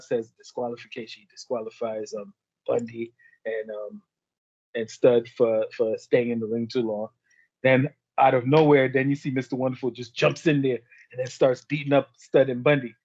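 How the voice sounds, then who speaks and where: A man's voice: mid-range voice, dry recording, lo-fi sound. A man co-hosting a podcast, telling stories in casual chat and acting out the voices of the people in them. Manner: animated storyteller acting out quotes. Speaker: podcast co-host.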